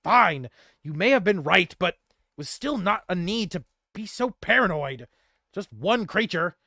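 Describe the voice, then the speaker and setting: A man voicing a tiny, gruff gnome king who is a proud and protective father, indignant and blustering. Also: fairly high pitch, huge pitch swings, normal speed, fairly bright tone, no echo, clean studio sound, full character voice.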